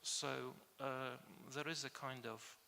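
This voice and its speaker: A man whose first language is Polish gives an academic conference lecture in a gravelly, bright-edged, medium-pitched voice with a steady tone. He speaks hesitantly, filling pauses and restarting phrases, amid the long reverb of a conference hall.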